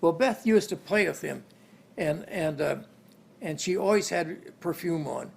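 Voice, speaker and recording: A man's voice: fairly high pitch, a little slow, vocal fry, husky. An older man in an interview, telling rambling family stories and chuckling along the way. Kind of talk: oral history storytelling.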